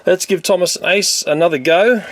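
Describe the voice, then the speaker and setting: A man's voice: high voice, fairly quick, heavy background noise. A man, coughing and unwell, giving jokey, casual toy unboxing commentary. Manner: jokey, trails off into "blah blah". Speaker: toy reviewer. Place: home room with toys.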